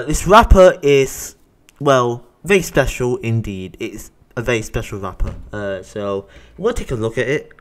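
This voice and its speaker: A man hosting a reaction video, rambling and blunt with plenty of swearing. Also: mid-range voice. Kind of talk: casual reaction commentary.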